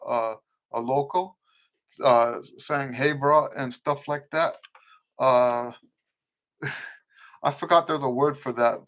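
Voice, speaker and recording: A middle-aged man with a somewhat high voice and a mixed American accent rooted in Western Pennsylvania. He hosts a casual live trumpet Q&A in a rambling way, often breaking off and rewording his sentences. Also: a bit bright. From eastern United States. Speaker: trumpet teacher and show host.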